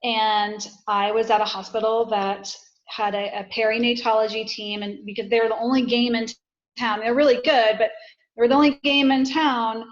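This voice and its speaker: A woman, a guest author, talks through her personal stories in a candid, self-deprecating way. Her voice sits a little high. The recording sounds dull and lo-fi. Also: little pitch movement, normal speed. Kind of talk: casual podcast conversation.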